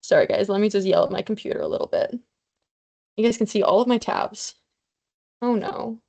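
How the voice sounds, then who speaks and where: A woman's voice: mid-range voice, lively intonation, fairly quick, vocal fry, a little mellow. Chatty young woman tutoring online. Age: young adult. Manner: casual, self-deprecating, chatty. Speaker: student tutor. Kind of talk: online review lesson.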